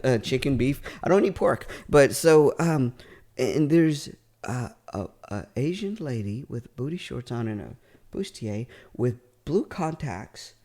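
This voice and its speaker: A man from California telling funny stories in a casual chat, animated, laughing often and restarting his sentences. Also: mid-range voice. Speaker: comedian guest.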